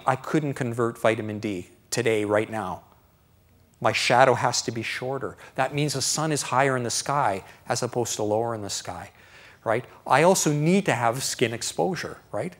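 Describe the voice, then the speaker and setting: Animated lecturing doctor, chatty man. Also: medium pitch. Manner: animated, conversational, keeps asking "right?", acts out his own thoughts. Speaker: doctor giving a public lecture. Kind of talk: live health lecture to an audience.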